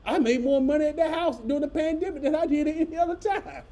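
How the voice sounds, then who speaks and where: A middle-aged man, a pastor telling a folksy story to his congregation with lively asides. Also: very high voice, quick pace. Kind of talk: storytelling sermon.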